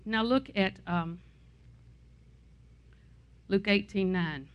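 A woman's voice: medium pitch, very slow, dull audio. A middle-aged woman pastor preaching a sermon in a conversational way, with asides and anecdotes.

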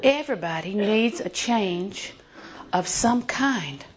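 A woman in her sixties preaching a sermon in a folksy, joking way, sometimes dropping to a hushed voice for emphasis. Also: medium pitch, expressive, slow pace, crowd noise.

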